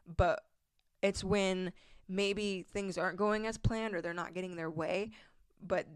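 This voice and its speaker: A woman's voice: medium pitch, fairly even intonation, measured pace, clear, resonant tone, no room sound, clean studio sound. A young woman hosting a faith-based advice podcast, chatting casually, laughing often and reading scripture aloud. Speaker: podcast host.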